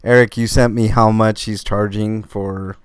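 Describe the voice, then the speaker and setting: A man hosts a live podcast in a loose, meandering way, leaning on fillers and fighting off hiccups. His voice sits a little low and sounds smooth and resonant. The recording is dry and close, with no room sound. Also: level tone, unhurried, dry recording. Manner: rambling, filler-heavy, laid-back. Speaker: podcast host. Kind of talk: casual live-stream podcast chat.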